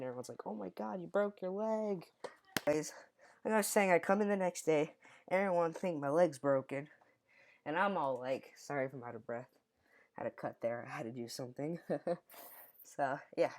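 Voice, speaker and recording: A young man telling a childhood story in a casual, rambling way, often correcting himself mid-sentence. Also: fairly high pitch. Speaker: storyteller vlogger.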